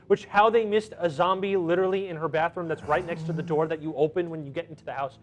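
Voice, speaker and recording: A man co-hosting a casual review chat, animated and acting out characters in quick impressions. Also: a little high. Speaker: podcast co-host.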